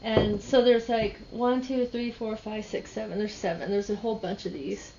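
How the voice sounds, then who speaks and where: A woman's voice: medium pitch, fairly even intonation, normal speed, highs cut off, noisy background. A woman reseller talking casually about her yard sale finds, rambling and restarting her sentences as she tells a story. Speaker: reseller vlogger. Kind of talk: casual chat.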